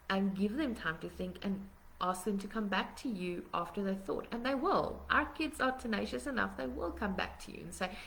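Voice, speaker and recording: A woman's voice: mid-range voice, animated, moderate pace, gravelly, fairly bright tone, low-quality recording. A woman hosting a live parenting workshop, earnestly explaining numbered points in a live-streamed talk. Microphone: webcam or phone on a live stream.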